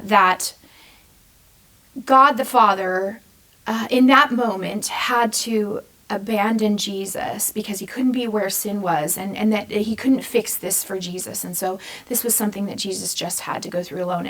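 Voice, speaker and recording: A woman's voice: medium pitch, a bit bright, rough recording. A young adult woman giving a Lenten reflection in an earnest, conversational way, with frequent ums and restarts. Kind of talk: personal faith testimony and scripture reading.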